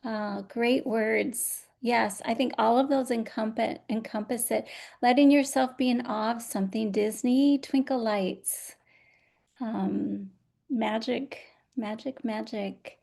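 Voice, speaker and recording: A woman's voice: a little high, steady tone, takes it slowly, vocal fry. A woman from Minnesota with a scratchy voice, hosting a live online journaling session in a chatty way, full of "um"s and restarts, speaking over a video call. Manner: warm, chatty, many fillers and restarts. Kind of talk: casual live webinar hosting.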